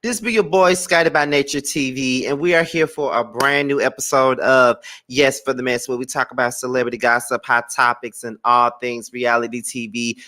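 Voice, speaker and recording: A man's voice: mid-range voice, normal speed, few pauses. A man hosting a casual celebrity gossip show, theatrical and dramatic. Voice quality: theatrical, animated. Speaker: show host.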